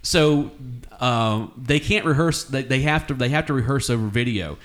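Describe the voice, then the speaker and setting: A man's voice: mid-range voice, normal speed. A man co-hosting a casual chat, rambling as he hunts for names. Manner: rambling, searches for names with ums. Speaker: podcast co-host.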